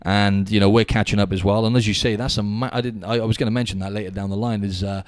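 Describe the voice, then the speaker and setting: Male podcast host from the UK, low-ish, rapid, dry Skype sound, matey chat. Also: no room sound. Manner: chatty, animated storyteller, says "mate" a lot. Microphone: Skype call.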